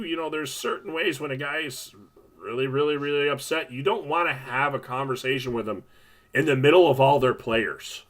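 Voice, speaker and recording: A man's voice: fairly high pitch, fairly bright tone. A man co-hosting a hockey referee talk show, giving direct, practical advice in a casual chat. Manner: direct, practical, matter-of-fact. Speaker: podcast co-host, hockey referee.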